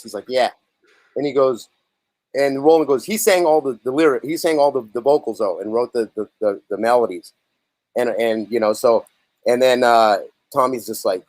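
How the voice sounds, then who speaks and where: Animated storytelling man, dry close sound. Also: medium pitch, normal speed, dry recording. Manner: animated storyteller, acts out others' lines. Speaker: lead singer and songwriter, guest. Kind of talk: casual storytelling interview.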